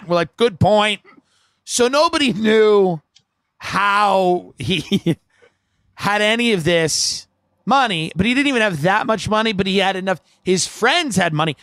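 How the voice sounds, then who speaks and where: A man telling a comedic story, animated and profane, acting out the people in it with bursts of shouting. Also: high-pitched, no room sound.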